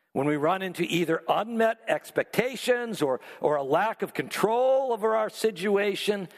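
Male pastor, sermon delivery, animated and expressive, high voice with wide swings. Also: big-room sound. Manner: animated, acts out listeners' reactions.

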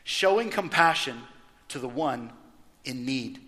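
A man preaching a sermon as pastor, animated and emphatic, throwing rhetorical questions at his congregation. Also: mid-range voice, unhurried, big-room sound.

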